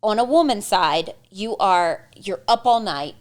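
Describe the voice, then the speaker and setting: A young adult woman co-hosting a casual chat, telling animated stories with quoted dialogue and laughter. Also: medium pitch, unhurried. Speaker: co-host.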